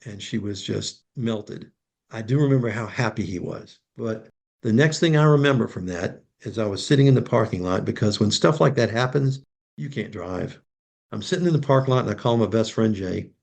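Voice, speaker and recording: Older male storyteller, raspy and gravelly, emotional, acts out dialogue. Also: lowish voice, lively intonation, moderate pace. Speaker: guest, professional Santa Claus. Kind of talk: heartfelt storytelling in interview.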